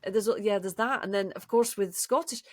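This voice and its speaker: A woman's voice: medium pitch, normal speed, a little mellow, dry recording, studio quality. A woman co-hosting a podcast, chatting casually and hesitantly about accents. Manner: hesitant, full of restarts while explaining accents. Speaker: podcast co-host. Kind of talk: casual chat.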